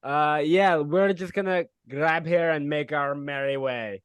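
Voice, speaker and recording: A man plays a tabletop game and talks in a wry, joking way. His voice is smooth and a bit high, and it sounds dry and close. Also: a little slow, no room sound. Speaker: player. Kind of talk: casual tabletop play.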